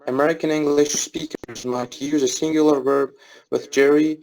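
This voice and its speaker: A male student reading a grammar textbook aloud in class, steady with small restarts on words. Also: fairly high pitch, moderate pace, creaky, rough recording.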